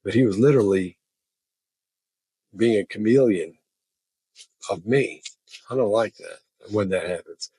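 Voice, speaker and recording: A man's voice: on the low side, a little slow, pauses often, warm tone, slightly rough, no echo. A man casually telling stories about odd behavior, laughing as he goes. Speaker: body language expert. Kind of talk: casual storytelling.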